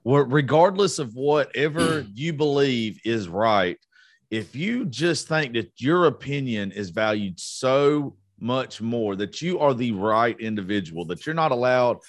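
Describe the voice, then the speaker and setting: A man's voice: mid-range voice, expressive, measured pace, no echo. A man in his thirties talks in a loose podcast chat, blunt and full of swearing as he gets heated. His voice sits in a middling register. It is recorded dry and close, with no room sound. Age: 30s. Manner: blunt and profane, getting heated. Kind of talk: casual chat.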